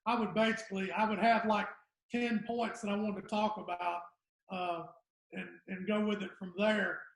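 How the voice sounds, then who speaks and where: On a casual podcast, a Southern guest comedian in his 60s spins rambling stories that drift off unfinished. His creaky voice sits high, keeps fairly even intonation, and runs at normal speed, with an echoey room behind it.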